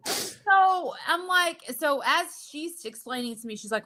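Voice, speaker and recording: Young woman, bright and sharp, animated cursing storyteller on a podcast. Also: fairly high pitch, normal speed. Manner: animated, profane, acts out quotes. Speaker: podcast guest telling a story. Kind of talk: casual storytelling chat.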